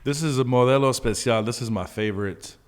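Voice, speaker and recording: A man of middling pitch chats loosely on a beer podcast, wandering through his points and perking up with laughter as he goes. The room around him rings with a long reverb. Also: quick pace, clean tone. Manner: rambling, gets animated and laughs while explaining. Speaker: podcast cohost. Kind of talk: casual chat over beers.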